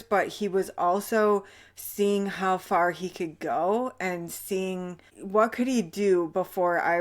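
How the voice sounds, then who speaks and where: A woman hosting her own show and telling her personal story in a candid, slow, halting way that often drops quiet. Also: lowish voice. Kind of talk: personal testimony.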